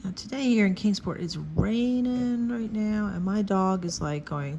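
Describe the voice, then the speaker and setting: A woman's voice: mid-range voice, measured pace, vocal fry, mellow, highs cut off, slight background noise. A middle-aged woman, chatting folksily as she teaches painting at home. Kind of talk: casual painting tutorial.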